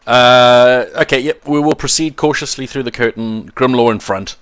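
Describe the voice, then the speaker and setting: A man's voice: medium pitch, moderate pace, a bit bright, clean tone, dry recording. A man chatting as a player in a tabletop game, laid-back, with brief replies. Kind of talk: casual tabletop game chat.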